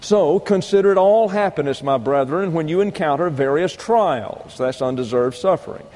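A man's voice: fairly high pitch, a little mellow, long reverb tail, poor audio. A man preaching a sermon, teaching point by point and reading out scripture verses. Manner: deliberate teaching with numbered points and read-out verses. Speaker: pastor.

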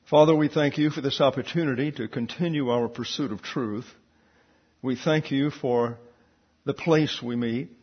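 A man's voice: medium pitch, husky. Methodical man leading a Bible class. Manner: measured, methodical teaching with frequent fillers. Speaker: Bible teacher. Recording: dull lo-fi recording.

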